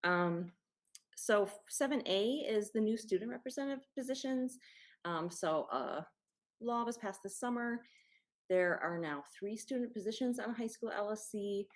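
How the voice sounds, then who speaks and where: Female council chair, steady mid voice, halting delivery. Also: mid-range voice. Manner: hesitant, many filler sounds. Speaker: meeting chair.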